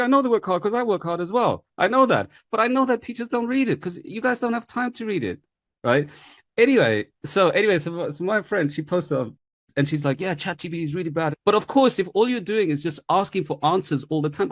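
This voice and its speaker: A man teaching a live online lesson, talking fast and casually and checking in with "right?" after nearly every point. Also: on the high side, dry recording, studio quality. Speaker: English tutor.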